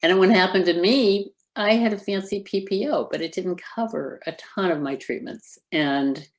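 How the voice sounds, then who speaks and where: A woman's voice: fairly low pitch, normal speed. A woman who founded a nonprofit, speaking as an interview guest in an emphatic, earnest way and laughing often. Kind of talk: conversational interview.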